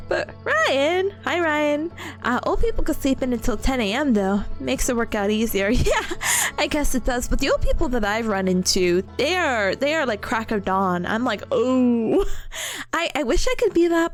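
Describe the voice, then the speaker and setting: A woman streamer chatting casually with her viewers, giggling and laughing often between sentences. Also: high voice. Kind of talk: casual livestream chat.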